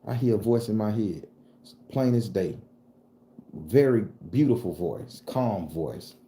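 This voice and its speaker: A man's voice: fairly low pitch, a little hiss or hum. A man from southern Florida telling a true spooky story in a casual, profane way, acting out the dialogue as he goes. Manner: profane, animated, acts out dialogue. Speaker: storyteller and channel host. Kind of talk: casual spoken ghost story. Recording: echoey room.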